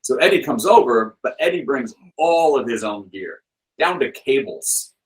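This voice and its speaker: A man, a podcast guest, telling a story in a relaxed, talkative way. His voice sits at an ordinary middle pitch. He sprinkles his speech with casual fillers as he goes. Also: moderate pace, low-quality recording. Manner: lively anecdote-teller with loose filler words; acts out the people he quotes with shifted voices. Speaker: podcast guest, film director and author.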